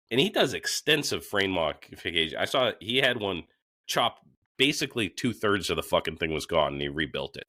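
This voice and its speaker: Man, podcast co-host, very low voice, lively pitch, crude joking shout-outs. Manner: crude, joking, swearing freely. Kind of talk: casual sponsor shout-outs.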